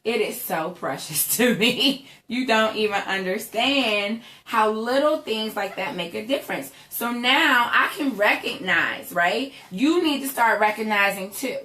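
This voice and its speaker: A woman's voice: on the high side, lively intonation, unhurried, few pauses, sharp tone, roomy sound. A young woman giving a chatty motivational talk to her viewers, emphatic and repeating "right?" constantly. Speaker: entrepreneur vlogger.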